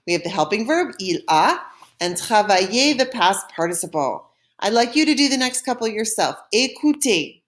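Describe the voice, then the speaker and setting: Woman teacher walking thru french verbs, patient, says each one for you to repeat. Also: mid-range voice. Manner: patient, step-by-step explaining, modeling pronunciation. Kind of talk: recorded classroom lesson.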